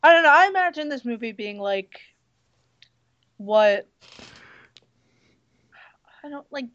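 A woman co-hosting a casual movie review chat, hoarse from losing her voice, blunt and hesitant with many fillers. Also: high-pitched, expressive, slow, fairly bright tone, dull audio. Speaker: podcast co-host reviewing a movie.

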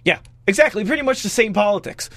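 A young man from Washington, D.C., co-hosting a casual political chat, talking quickly with lots of "like" fillers. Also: high-pitched, dry recording. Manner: quick, animated, full of "like" fillers. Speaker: podcast co-host.

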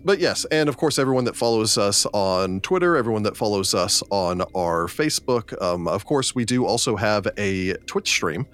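Man, podcast host, lowish voice, rambling, casual chat, laughs often. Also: expressive, moderate pace, hardly any pauses, a bit bright. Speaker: game master and host.

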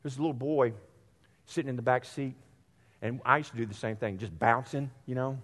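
A man with a mid-range, fairly bright voice preaches a little fast as pastor of a church. The sanctuary gives a long hall reverb, and he speaks earnestly and directly to his listeners, repeating phrases for emphasis.

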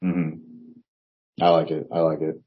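A man's voice: very deep voice, completely flat delivery, a little slow, breathy edge, muffled recording. A man with a New Jersey accent, an author guest on a podcast, answering hesitantly and repeating himself. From New Jersey, United States. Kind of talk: casual interview chat.

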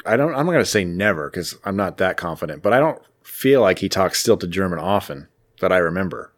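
A man with a fairly low voice co-hosts a casual podcast. He rambles along with plenty of fillers and restarts and sounds easygoing and enthusiastic. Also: animated, fairly quick. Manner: chatty and rambling, with frequent fillers. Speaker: podcast co-host. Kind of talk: casual chat about comics.

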